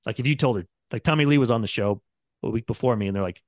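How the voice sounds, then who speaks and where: A man's voice: mid-range voice, racing, no echo, studio quality. A man, a radio producer chatting casually on a podcast and acting out quotes from the people in his stories. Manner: rambling storyteller, acts out quotes.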